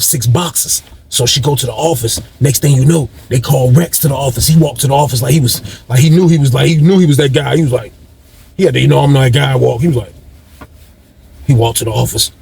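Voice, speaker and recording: A man's voice: medium pitch, vocal fry, slight background noise. A man casually telling a long story in a rambling, slangy way, addressing his listeners directly.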